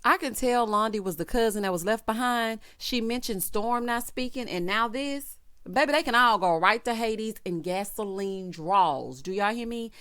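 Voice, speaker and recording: A woman's voice: fairly high pitch, normal speed, a bit bright, clean tone. A woman giving a casual, sassy show recap, talking bluntly and directly to her viewers. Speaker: vlogger reviewing a TV show.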